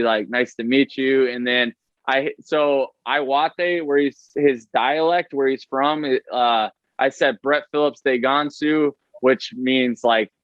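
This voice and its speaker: A man, a baseball player, telling stories in casual podcast talk, fast and chatty with many fillers and "right?" tags. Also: medium pitch, fairly bright tone, no echo, muffled recording.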